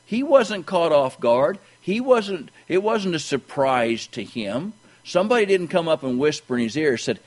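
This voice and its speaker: A man's voice: sing-song, moderate pace, hardly any pauses, rough recording. A man preaching a sermon, reading scripture aloud and often repeating words as he restarts his thoughts. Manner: pitch jumps higher when pressing a point.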